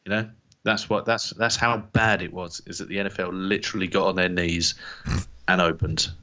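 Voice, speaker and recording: A man's voice: low voice, fairly even intonation, normal speed, bright, forceful tone, highs cut off. A man co-hosting a casual sports podcast, laid-back and dryly skeptical in his banter. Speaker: podcast co-host.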